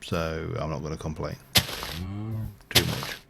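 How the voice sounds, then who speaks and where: A man with a low, gravelly voice talks his way through a game session, rambling and thinking aloud between fillers. His casual commentary comes through a noisy home stream recording. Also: little pitch movement, measured pace.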